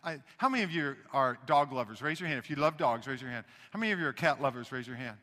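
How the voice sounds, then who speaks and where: A man preaching a sermon as pastor, talking conversationally and swinging between loud emphasis and hushed asides. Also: mid-range voice, expressive, fast talker, in a large hall.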